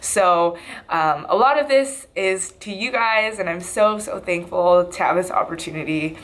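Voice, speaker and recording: A woman's voice: on the low side, a little slow, a bit bright. A young woman in her twenties chatting casually in a video diary, rambling a little with frequent "um"s. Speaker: vlogger.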